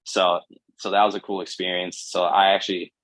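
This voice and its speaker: A young man in his twenties, a guest pitcher, telling stories casually and animatedly with lots of "like". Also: a little fast, no echo, poor audio. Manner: animated, fills speech with "like". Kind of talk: casual storytelling.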